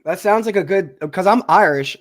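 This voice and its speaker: A man's voice: high-pitched, expressive, normal speed, fairly bright tone, dry recording, studio quality. A man with a slightly raised voice chats eagerly on a live stream. He is talkative and keen, often stumbling over the start of his sentences. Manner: eager, chatty, stumbling restarts. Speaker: guest, the host's son. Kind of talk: casual live-stream chat.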